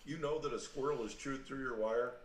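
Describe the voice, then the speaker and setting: A man's voice: mid-range voice, brisk, far from the mic, slight background noise. Wry explaining man, echoey room. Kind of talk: casual group chat on a video call. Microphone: video call.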